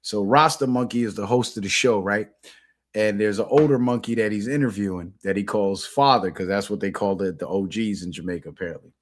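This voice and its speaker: A man's voice: lowish voice, brisk. A man hosting his own channel at home alone, talking in a loose, profane, casual commentary style and laughing often. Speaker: channel host.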